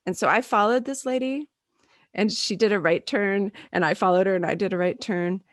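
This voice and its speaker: Podcast co-host, woman, thirties, lively storyteller, middle pitch, dry close sound. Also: moderate pace, no echo. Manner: animated storyteller, acts out quotes. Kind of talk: casual chat.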